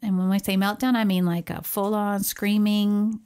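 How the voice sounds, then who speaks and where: Animated woman telling a family story. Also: medium pitch, normal speed, clear, resonant tone. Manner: animated storyteller, laughs often, acts out quotes. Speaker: podcast co-host, parent. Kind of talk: casual storytelling chat.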